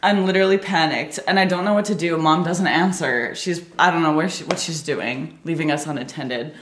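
A young woman chatting casually as she tells a story, lively and quick to laugh. Her voice sits a little low, and the room around her echoes. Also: slight background noise. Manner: animated, laughing often, acting out her younger self with high shouts. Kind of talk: casual chat.

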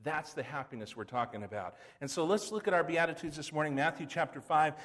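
Folksy preacher man with a higher voice. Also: quick pace, fairly bright tone. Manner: folksy, conversational preaching with asides and rhetorical questions. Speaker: pastor. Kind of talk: sermon.

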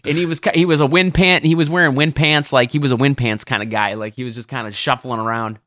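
A man's voice: mid-range voice, fairly even intonation, fast talker, a bit bright, dry recording, clean studio sound. A man telling caddie stories on a podcast in a rambling, laughing way, full of fillers. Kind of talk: casual storytelling chat.

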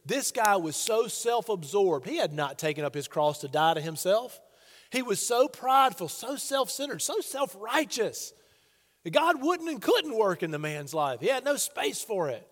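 A male pastor delivers a sermon in a plainspoken, earnest way, addressing his congregation directly with questions. His voice sits high for a man. A long reverb hangs in the large hall around him. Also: expressive, normal speed. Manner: earnest, conversational preaching with rhetorical questions.

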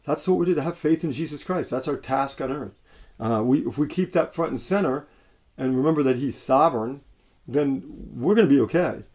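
A man's voice: medium pitch, a little fast, darkish tone. A man preaching a sermon in a conversational way, with frequent restarts and fillers.

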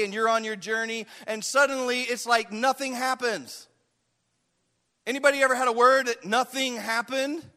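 A man's voice: very high-pitched, fairly even intonation, a little fast, bright, forceful tone. A man preaching a sermon with drama, acting out the voices of Bible figures and of his listeners. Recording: echoey hall.

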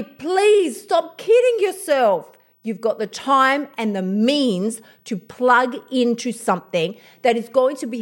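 A woman hosting a motivational podcast, blunt and fired up, swearing freely as she talks about her routine. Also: fairly high pitch. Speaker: podcast host.

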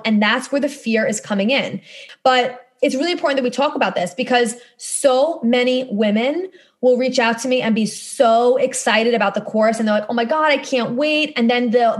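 A woman in her thirties hosting a casual podcast monologue, talking bluntly and emphatically, with casual swearing. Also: fairly high pitch. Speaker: podcast host and course coach.

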